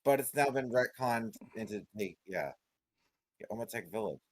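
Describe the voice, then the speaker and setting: A co-host of a casual movie riff, excitable and quick to correct facts. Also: medium pitch, no echo. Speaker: podcast co-host.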